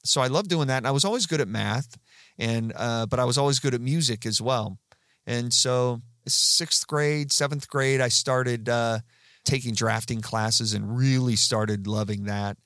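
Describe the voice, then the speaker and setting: A man's voice: mid-range voice, a little slow, a bit bright, no echo, studio quality. A man in his fifties casually telling rambling stories about his career as a guest, with fillers and restarts. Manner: chatty, rambling anecdotes with frequent fillers and restarts. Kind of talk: casual storytelling.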